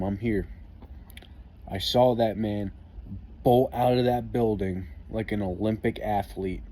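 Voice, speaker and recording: Army vet storyteller, mellow relaxed tone, wry and profane, faint hiss behind him. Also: male voice, lowish voice. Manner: profane, wry, laid-back. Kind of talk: casual storytime vlog.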